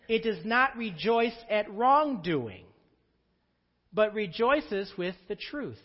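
Male pastor delivering a lively sermon, swinging pitch, recorded dull and muffled in a church. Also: in a large hall. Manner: preacher's call-and-response.

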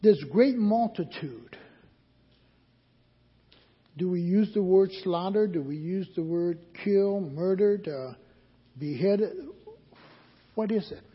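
Husky, slow-preaching man in a hall. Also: high-pitched. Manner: call-and-response questions to the congregation. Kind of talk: sermon. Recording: dull recording with long hall reverb.

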